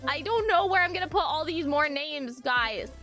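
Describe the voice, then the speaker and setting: A woman streaming live and chatting casually with her viewers, swinging between excited squeals and low mumbling. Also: normal speed, faint music behind.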